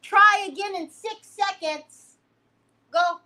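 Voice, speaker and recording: A woman's voice: very high-pitched, slow, bright, forceful tone. A woman hosting a crafting livestream in casual chat, playfully teasing and fondly scolding a pet while she works.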